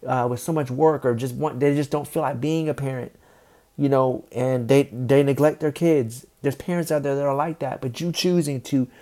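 A man talks earnestly and unscripted, urging listeners to keep going. His voice is dark and mellow, at a middle pitch. He repeats himself often, restarts phrases, and clears his throat now and then. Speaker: motivational speaker. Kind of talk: unscripted faith-based encouragement.

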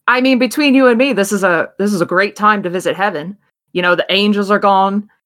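A woman's voice: mid-range voice, a little fast, fairly bright tone, lightly acted. A woman voicing a dapper young man in a tailored suit, attempting an Irish accent and talking in a coaxing, confidential way.

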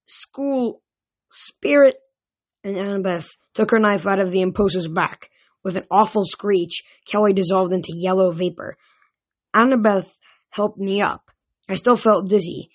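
A woman reads a novel aloud in a mid-pitched voice. She stumbles now and then and goes back to restart words. The reading is informal rather than polished. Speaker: reader.

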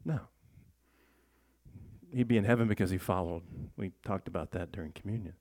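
Fairly quick and a little mellow, a pastor with a low voice preaches a conversational sermon in church. He chats through the text with his congregation, asks them questions, and restarts sentences frequently.

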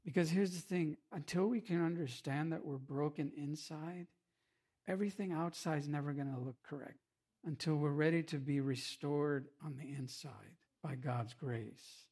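A man pastor giving a conversational sermon, animated and humorous, with asides to the congregation. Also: on the high side.

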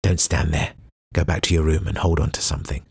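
A man's voice: extremely low pitch, flat delivery, brisk, creaky, darkish tone, husky, no echo, clean studio sound, exaggerated voice. A man voicing a weary, wry former government minister who speaks in a clipped, sardonic way in an audiobook. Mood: tense.

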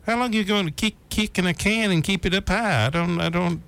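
A man's voice: high voice, vocal fry, a bit bright. Folksy man in casual political chat. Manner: folksy, repeats himself, drawn-out phrasing.

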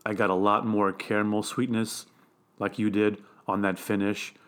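A man's voice: fairly low pitch, little pitch movement, normal speed, clear, resonant tone. A man co-hosting a podcast, chatting casually and explaining things in detail. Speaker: podcast co-host. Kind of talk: casual tasting chat.

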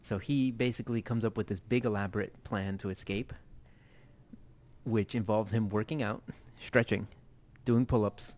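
A man's voice: on the low side, steady tone, normal speed, darkish tone. Rambling self-mocking man co-host. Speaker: podcast co-host. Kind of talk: casual chat.

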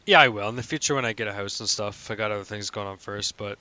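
A man from Canada chatting casually on a podcast with his friends. His low voice is bright and smooth. He tells stories with energy and acts out what other people said. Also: fast. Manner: animated storyteller, acts out voices in anecdotes. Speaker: podcast host. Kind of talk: casual chat among friends.

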